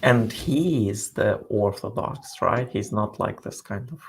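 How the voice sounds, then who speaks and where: A man speaking as a guest in a scholarly interview, explaining in a halting way as he searches for words. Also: lowish voice, lively intonation, creaky, a little hiss or hum.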